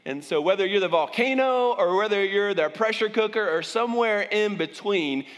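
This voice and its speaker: A man's voice: sits high, animated, normal speed, a bit bright, long reverb tail. A man preaching as a pastor, talking conversationally and often restarting his sentences. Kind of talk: sermon.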